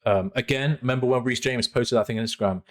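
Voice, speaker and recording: A man's voice: mid-range voice, quick pace. Rambling slangy man, podcast co-host. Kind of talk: casual chat.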